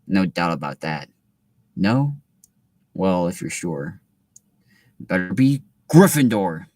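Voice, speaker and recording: A shrewd old talking hat from a storybook weighs up a young student, musing low and slow, as a man reads it aloud. The voice sits deep and the sound is close and dry, with no room around it. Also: big pitch swings, darkish tone, no room sound, exaggerated voice.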